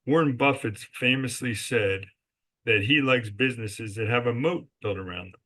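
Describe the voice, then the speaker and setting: A man's voice: medium pitch, normal speed, sharp tone. A man as a guest in a podcast interview, telling business stories emphatically and answering his own rhetorical questions. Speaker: guest, resort company executive.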